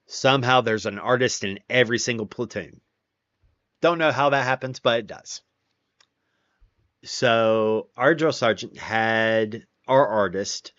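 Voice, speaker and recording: A man's voice: mid-range voice, a bit bright, no room sound. A man hosting a casual stream chat, telling stories with lots of swearing and acting out the quotes himself. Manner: profane, wry storyteller acting out quotes. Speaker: streamer, host. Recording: dull, dry, lo-fi sound.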